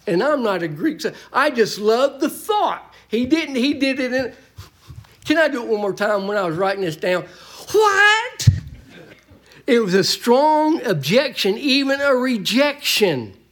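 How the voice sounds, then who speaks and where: A man's voice: extremely high pitch, big pitch swings, normal speed, a bit bright. A man preaching a sermon in a church, folksy and emphatic, joking with the congregation.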